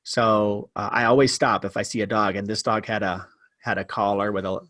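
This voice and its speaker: A man telling a personal story as a podcast guest, animated and self-deprecating, shifting his pace for effect. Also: lowish voice, moderate pace, no room sound, studio quality. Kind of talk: casual storytelling interview.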